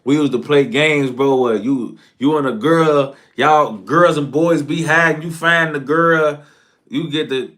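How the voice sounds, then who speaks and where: High-voiced man telling rowdy stories. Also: measured pace. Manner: slang-heavy, profane, swings from loud shouted outbursts to low mumbling asides. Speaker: storyteller. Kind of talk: casual storytime.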